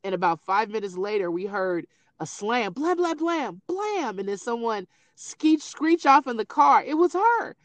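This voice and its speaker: A middle-aged woman in casual conversation, telling family stories in an animated way. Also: a little high, a little slow, dry recording. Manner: animated storyteller who acts out quoted voices. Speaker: grieving mother sharing memories.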